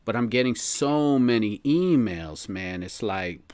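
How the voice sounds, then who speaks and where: A man's voice: fairly low pitch, expressive, unhurried, darkish tone. A man hosting a casual live podcast chat, laid-back and slangy, laughing often. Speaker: podcast host.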